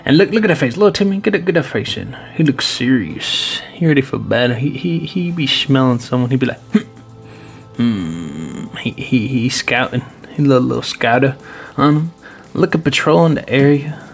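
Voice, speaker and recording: A man with a gravelly, creaky voice jokes his way through card reviews in a loose, playful way. He keeps calling his viewers boys. Faint music sits under his voice. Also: medium pitch, animated, moderate pace. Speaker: card collecting video host. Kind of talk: casual joking card review commentary.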